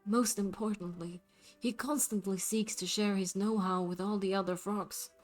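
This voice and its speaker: A soft-spoken, courteous frog who runs a jumping contest in a game, as a woman reads him out. The voice stays low-key and measured, at an ordinary pitch, with faint game music underneath. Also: fairly even intonation, natural voice. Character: calm, formal frog host of a jumping contest.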